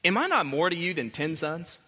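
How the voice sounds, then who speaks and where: A preacher putting on a dim, insensitive husband who whines out baffled questions in a raised, bright voice. The sound rings with the long reverb of a church hall. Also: male voice, fairly high pitch, very animated, fairly quick, exaggerated voice. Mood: self-important. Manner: whiny, puzzled questioning tone. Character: clueless, insensitive biblical husband, grown man.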